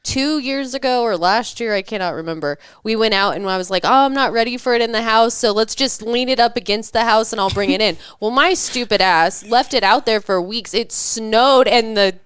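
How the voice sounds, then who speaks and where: A middle-aged woman chats casually on a podcast, spinning animated stories, laughing and swearing as she goes. Her voice sits a little high and comes through smooth and clear. The sound is close and dry. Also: normal speed, hardly any pauses, dry recording. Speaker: podcast co-host. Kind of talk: casual chat.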